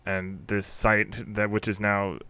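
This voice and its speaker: A man with a clear, smooth voice hosts a podcast interview in casual chat. He rambles and leans heavily on filler words. The sound is dry and close. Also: lowish voice, flat delivery, slow pace, sharp tone, no echo. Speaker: podcast host.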